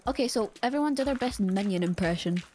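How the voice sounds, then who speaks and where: A woman's voice: mid-range voice, animated, quick pace, background noise. A woman joking and teasing friends in a casual gaming chat over a headset. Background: game music.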